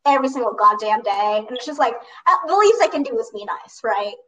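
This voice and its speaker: A woman's voice: fairly high pitch, animated, fairly quick, fairly bright tone, distant mic, low-quality recording. A young woman chatting bluntly with friends, full of fillers. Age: young adult. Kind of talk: casual chat among friends.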